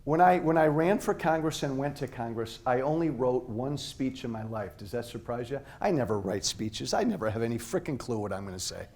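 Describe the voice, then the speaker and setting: A man's voice: medium pitch, lively intonation, fairly quick, hardly any pauses, a little mellow. Blunt, impassioned middle-aged man speaking. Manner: blunt, impassioned, off-the-cuff, addresses the crowd directly. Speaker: political speaker. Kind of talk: unscripted speech to college students. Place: university hall.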